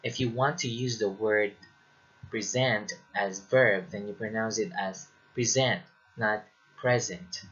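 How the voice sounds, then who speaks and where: A man teaching as a lecturer in a deliberate way, often checking in with the listener. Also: fairly low pitch, fairly even intonation, fairly bright tone, breathy edge, lo-fi sound. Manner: slow and deliberate, checking in with "okay?". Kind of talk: recorded lecture.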